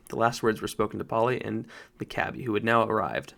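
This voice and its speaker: A man narrating a children's novel in a measured storytelling read. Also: fairly low pitch, gravelly, fairly bright tone. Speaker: audiobook reader. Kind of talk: audiobook narration.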